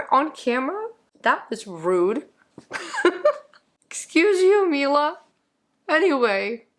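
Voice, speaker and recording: A young woman, a singer, talking casually to her camera while her voice is hoarse and lowered from laryngitis; earnest and reflective, laughing lightly between thoughts. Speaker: singer and content creator.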